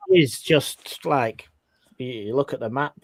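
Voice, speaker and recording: A man's voice: mid-range voice, measured pace, no room sound. A man with a northern English accent, a guest on a podcast call, chatting with trailing restarts. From England. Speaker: guest cryptid investigator. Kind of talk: casual podcast chat.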